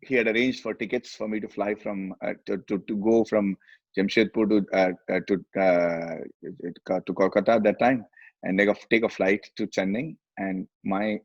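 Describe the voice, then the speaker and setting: A middle-aged man with an Indian English accent, telling animated stories in a casual chat and acting out the voices he quotes. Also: fairly low pitch, moderate pace, dry recording, highs cut off. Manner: animated, switches between English and Hindi, acts out quoted voices. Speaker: guest, film actor.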